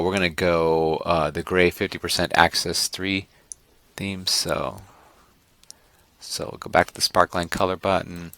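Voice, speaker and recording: A low-voiced man teaches an online class via a screen-recorded software tutorial, drifting off topic, fixing his own mistakes, and joking with students. The recording is dry.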